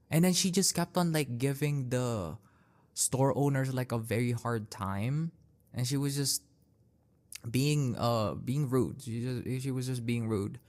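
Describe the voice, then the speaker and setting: A man's voice: medium pitch, darkish tone. A young man hosting a podcast, telling personal stories in a casual way, with lots of "like" and restarts. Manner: unhurried, filler-heavy, with many "like"s and restarts. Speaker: podcast host. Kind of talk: casual storytelling monologue.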